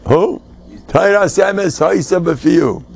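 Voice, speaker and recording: A man's voice: sits high, slow pace, vocal fry. An older man, a rabbi giving an informal Torah class, emphatic and joking, mixing in Yiddish and Hebrew words. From United States.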